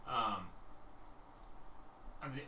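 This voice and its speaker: A man's voice: mid-range voice, extremely slow, distant mic. A man narrating as game master for a tabletop game, laid-back and rambling. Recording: echoey room, from off mic, faint noise.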